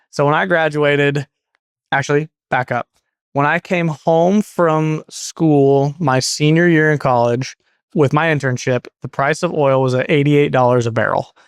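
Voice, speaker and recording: Guest man, 30s, chatty and meandering, slips into quoted voices; mid-pitched, dry booth sound. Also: no room sound. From Portland, Oregon. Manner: rambling, self-correcting, acts out quoted dialogue. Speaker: guest, garage door business owner. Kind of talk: casual interview storytelling.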